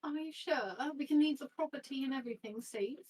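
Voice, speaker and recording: A woman's voice: sits high, fast, a little mellow, far from the mic, low-quality recording. A woman player in a tabletop role-play, speaking politely and genteelly in character, often calling others darling.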